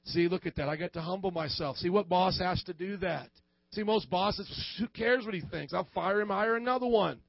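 Man, pastor, sermon, animated, self-mocking, dull dry recording. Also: high voice, moderate pace, creaky, dry recording. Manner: animated, acts out quoted voices; jokey and self-deprecating.

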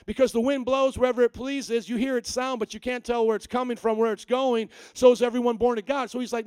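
A man with a high, smooth, resonant voice delivers a sermon in a dry, close sound. He preaches with animated force and jumps into the voices of the figures he quotes. He talks like a pastor working a congregation. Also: fairly quick, few pauses, no room sound. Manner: animated preaching, voicing Bible figures with rising pitch.

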